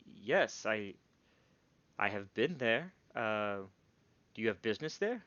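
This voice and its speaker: A man voicing a wary, guarded dark gnome man who talks slowly and formally. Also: lowish voice, sing-song, no echo, lo-fi sound, exaggerated voice. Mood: cautious. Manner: slow, formal speech with hesitations.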